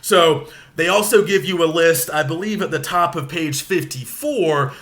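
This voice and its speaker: A man's voice: on the high side, normal speed, a bit bright. A man teaching a recorded lecture, explaining step by step in a casual way with fillers.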